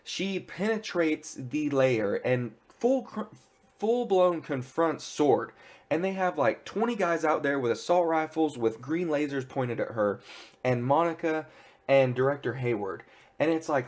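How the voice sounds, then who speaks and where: A man talking at an ordinary, middle pitch, recapping a show for his viewers. He rambles eagerly and keeps reaching for filler words as he goes. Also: a little slow. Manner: excited rambling retelling, heavy filler words. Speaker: pop culture reviewer. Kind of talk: casual spoiler recap.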